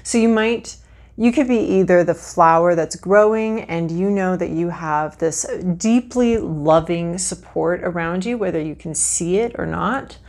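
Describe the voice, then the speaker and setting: A woman's voice: on the low side, darkish tone. A woman reading tarot cards to camera in a casual, frank, chatty way, thinking aloud as she draws. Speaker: tarot reader.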